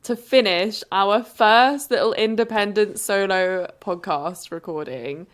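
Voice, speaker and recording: Unhurried woman co-host, relaxed chat, mid pitch. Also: clear, resonant tone. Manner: unhurried, reads listener stories aloud. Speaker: podcast co-host. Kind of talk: casual chat.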